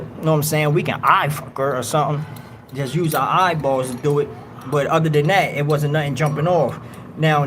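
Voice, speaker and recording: Stream host, male, slangy storyteller, slightly high voice, audible hiss behind him. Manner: animated street slang storytelling, acts out others. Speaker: livestream host. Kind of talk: casual storytelling.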